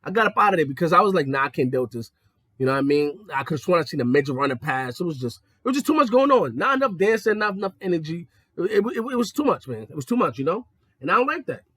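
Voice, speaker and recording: Young man, high lively voice, bright and slightly husky, profane casual storytelling, dry close sound. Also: quick pace, no room sound. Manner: animated, profane, jumps between high excited and low mocking tones. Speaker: podcast host.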